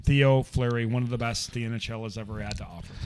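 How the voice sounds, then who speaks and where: A man's voice: medium pitch, steady tone, fast talker, a little mellow, smooth. A man hosting a casual podcast, talking loosely and joking, with some swearing. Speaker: podcast host.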